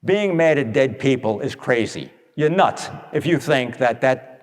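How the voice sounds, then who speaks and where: A man's voice: medium pitch, lively intonation, measured pace, long reverb tail. A man telling stories in a folksy, conversational talk, speaking straight to his listeners and acting out what people said. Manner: conversational, addresses listeners directly, acts out quotes. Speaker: radio speaker giving advice talks.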